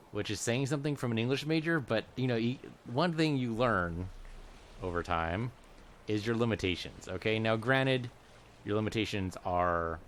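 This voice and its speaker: Male let's-player, lowish voice, meandering casual commentary, faint game noise under. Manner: rambling, musing aloud while playing. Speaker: let's play gamer.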